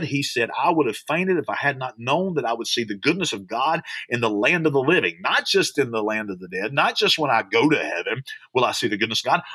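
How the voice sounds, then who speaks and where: Excitable pastor, bright husky voice. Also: male voice, medium pitch, no echo. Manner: animated, repetitive, preacherly. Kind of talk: podcast sermon.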